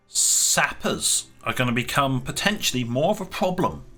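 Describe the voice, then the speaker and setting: A man's voice: mid-range voice, pushed and bright. A man narrating his strategy game playthrough in character, with rambling, playful storytelling. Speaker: let's play narrator.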